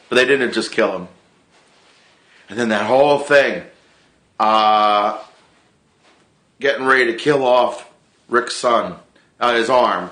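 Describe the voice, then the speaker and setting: Casual male vlogger, animated, bright voice, echoey room. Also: mid-range voice. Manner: animated, re-enacts his own reactions, swears freely. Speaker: TV show reviewer. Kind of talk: casual excited recap vlog.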